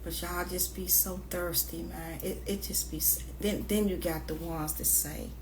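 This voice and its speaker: Woman ranting with low asides and laughing stories. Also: fairly even intonation, normal speed, background noise. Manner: swings from low, hushed asides to loud, laughing storytelling. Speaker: vlogger. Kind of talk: casual storytelling rant.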